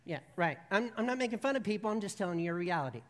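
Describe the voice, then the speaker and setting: A woman's voice: medium pitch, animated, rapid-fire. Female preacher, mid-range voice, story-driven and conversational, recorded with long hall reverb. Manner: conversational storytelling, humorous then earnest. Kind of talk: sermon. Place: church sanctuary.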